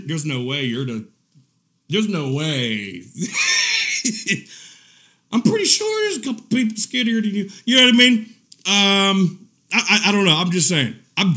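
Man, livestream rant, lively swooping pitch, slightly high voice, mocking, laughs a lot, heavy swearing. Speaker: drama commentary streamer.

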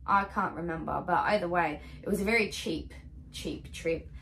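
A woman's voice: lowish voice, normal speed, creaky, fairly bright tone, slight background noise. A young woman chatting casually in a haul vlog, gushing and swearing freely as she shows off her gifts. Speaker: vlogger.

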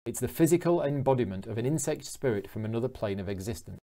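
A man's voice: medium pitch, animated, fast, warm tone, close to an everyday voice. A man voicing a theatrical elf from a game who lectures with dry wit. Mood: wry.

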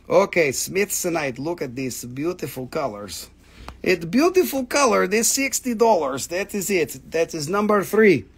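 A high-pitched man hosts a live crystal sale in a loose, chatty way. He teases his viewers, breaks into laughter and swears without a second thought. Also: husky. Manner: teasing, laughing, swearing freely. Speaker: live-stream crystal seller. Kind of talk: casual live sales stream.

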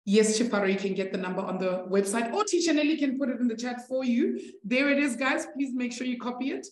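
A woman's voice: a little high, fast talker. A chatty, encouraging woman teaching a live online maths class, laughing easily with her students. Her voice rings with the echo of the room around her. She is from South Africa.

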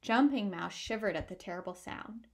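A woman reading a picture book aloud with clear, expressive storytelling. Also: mid-range voice, moderate pace.

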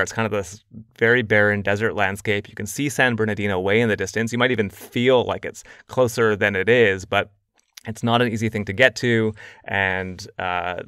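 Smooth low-voiced male journalist. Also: dry recording, clean studio sound. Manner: measured, explanatory, steady. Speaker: journalist guest. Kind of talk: conversational interview.

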